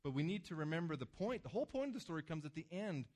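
A man preaching a sermon to a congregation, with emphatic swings between loud passages and hushed ones. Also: fairly high pitch, lively intonation, fast talker, few pauses. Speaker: pastor. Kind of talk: sermon with slides.

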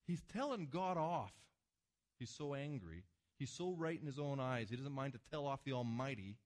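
A man preaching a sermon to a congregation, with emphatic swings between loud passages and hushed ones. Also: mid-range voice, lively intonation, a little fast. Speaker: pastor. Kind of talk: sermon with slides.

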